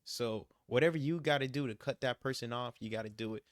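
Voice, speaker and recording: A man's voice: mid-range voice, fast, no echo. Young man, travel vlogger, emphatic and repetitive, casual pep talk, dry close mic. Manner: emphatic, repeats his points, says "you gotta" a lot. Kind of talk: casual motivational vlog talk.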